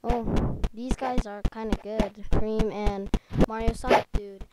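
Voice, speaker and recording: A woman talks through her gameplay at a desk microphone, chatty and easily startled. Her voice sits a bit high and she speaks slowly, drawing out her reactions. A loud, constant noise runs under the whole recording. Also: steady tone. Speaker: let's play host. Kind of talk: casual gameplay commentary. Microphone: desk microphone at a computer.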